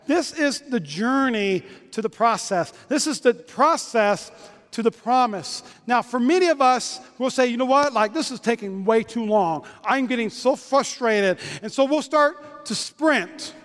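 A man preaching a lively sermon, joking with volunteers onstage in quick bursts. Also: very high voice. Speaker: pastor. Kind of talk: lively sermon with stage demonstration. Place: church auditorium. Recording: long reverb of a church hall.

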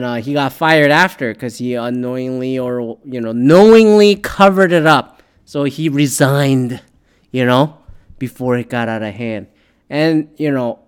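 A man's voice: mid-range voice, smooth. Profane, rambling sports-ranting man. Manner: profane, rambling, sarcastic, many fillers. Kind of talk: casual opinionated sports rant.

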